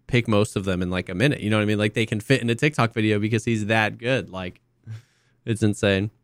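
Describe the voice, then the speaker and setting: A man co-hosting a podcast, talking in a relaxed, rambling way with lots of restarts and fillers. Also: lowish voice, fast talker, no room sound, clean studio sound. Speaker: podcast co-host. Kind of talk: casual chat.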